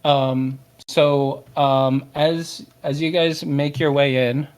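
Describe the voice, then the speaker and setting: A man's voice: mid-range voice, flat delivery, slow, clear, resonant tone. A man narrating as game master, hesitant and full of filler words.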